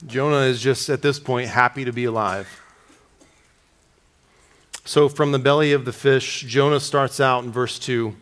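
A man preaching an expository sermon, reading scripture aloud with slowed dramatic emphasis. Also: medium pitch, steady tone, a bit bright.

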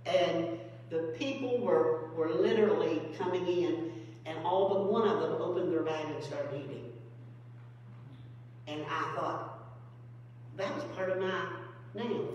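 A woman's voice: unhurried, pauses often, a little mellow. A woman pastor preaching a folksy sermon, telling stories and acting out phone calls and quotes. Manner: storytelling, acts out phone calls and quotes in a high voice. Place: church sanctuary. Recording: very echoey hall from far off with faint hum.

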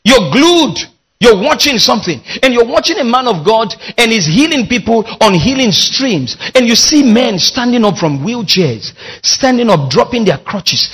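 Husky, high-voiced male preacher. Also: very animated, moderate pace, a bit bright. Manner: leads call-and-response, emphatic preaching. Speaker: pastor. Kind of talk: sermon.

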